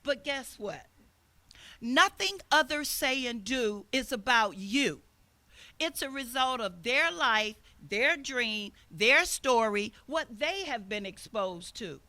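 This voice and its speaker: Older woman pastor, fairly high and bright, lively storytelling sermon. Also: takes it slowly. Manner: storytelling, acts out quoted speakers. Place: outdoors.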